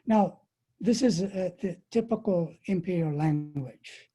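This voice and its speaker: A woman speaks slowly and deliberately at an online webinar, leaning hard on key words. Her voice is very dark and a little husky. It sounds like a computer mic on a video call. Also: fairly low pitch, rough recording. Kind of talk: prepared political talk.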